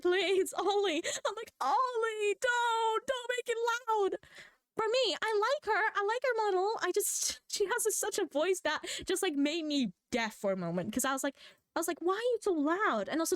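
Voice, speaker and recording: Animated teen girl ranting. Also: high voice, no room sound, clean studio sound. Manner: animated, rambling storytelling with self-corrections. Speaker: VTuber vlogger. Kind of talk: rambling rant.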